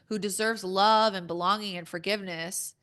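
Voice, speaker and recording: A woman's voice: medium pitch, steady tone, moderate pace, a bit bright. A woman speaking as a podcast guest, candid and emphatic, acting out her own inner dialogue as she talks.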